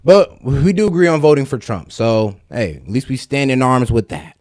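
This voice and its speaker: A man's voice: medium pitch, lively intonation, moderate pace, a little mellow, no room sound, clean studio sound. A man hosting a casual reaction show, talking in laid-back slang with laughing asides. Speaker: host.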